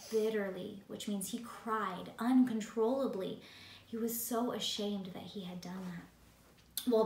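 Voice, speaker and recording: A woman teaching a Bible story lesson with animated, playful storytelling. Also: medium pitch, roomy sound, distant mic.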